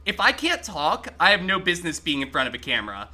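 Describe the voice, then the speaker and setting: Excitable, bright-voiced male streamer. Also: high voice, quick pace. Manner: excitable and chatty, swears freely; talks to chat while playing. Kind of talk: casual live-stream gaming commentary.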